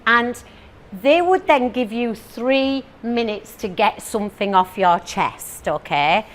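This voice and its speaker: A woman's voice: a little high, takes it slowly. A woman in her forties from northern England giving a comic motivational talk to a live audience, playful and chatty, teasing the crowd with questions and asides. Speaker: motivational speaker.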